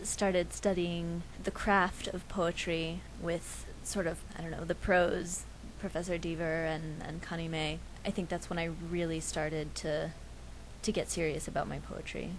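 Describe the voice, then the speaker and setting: A young woman in her twenties, a student poet, answering interview questions in a soft, hesitant way with many restarts, then reading her own poem. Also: on the low side, little pitch movement, unhurried, slight background noise, low-quality recording. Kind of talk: casual interview and poetry reading.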